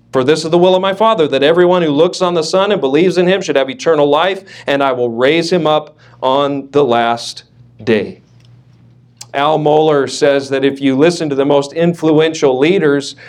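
A man's voice: on the high side, darkish tone. A man preaching a sermon as pastor, emphatic, leaning on repeated words, with light joking asides.

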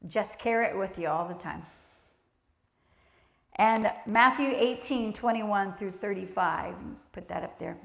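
A woman's voice: mid-range voice, unhurried, vocal fry, a bit bright, roomy sound. A woman preaching a sermon in a church sanctuary, reading scripture aloud, speaking earnestly and with emphasis, and asking the congregation questions.

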